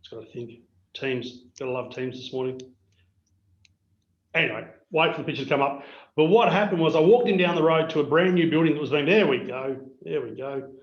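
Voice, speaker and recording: A middle-aged Australian man, a business owner, telling animated anecdotes to peers on a video call. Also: on the high side, a little fast. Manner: anecdotal, animated storyteller acting out dialogue. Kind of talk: storytelling keynote on a video call. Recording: roomy, dull video-call audio.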